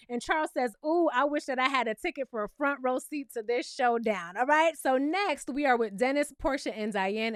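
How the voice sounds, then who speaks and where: A woman's voice: sits high, no room sound, studio quality. A woman with a New York accent who is from Brooklyn, recapping a reality show in a sassy, chatty way and often asking the viewer "okay?".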